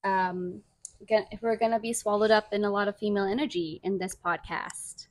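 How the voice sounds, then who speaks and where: A young woman co-hosting a podcast in casual chat, chatty and giggly, talking in quick bursts. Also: medium pitch, steady tone, no echo. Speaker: podcast co-host.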